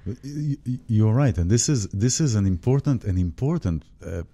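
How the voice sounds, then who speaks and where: A man hosting a spiritual conversation, speaking haltingly with many restarts as he searches for words. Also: fairly low pitch, animated, warm tone, slightly rough.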